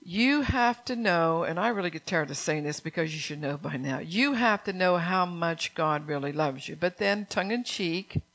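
A woman's voice: lowish voice, lively intonation, normal speed, few pauses, a bit bright. An older woman preaching an earnest sermon, reading scripture aloud and asking her congregation questions.

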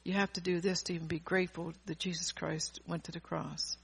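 Gravelly, husky older woman preaching. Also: fairly low pitch, flat delivery, a little fast. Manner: earnest, repeats and restarts phrases. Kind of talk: sermon.

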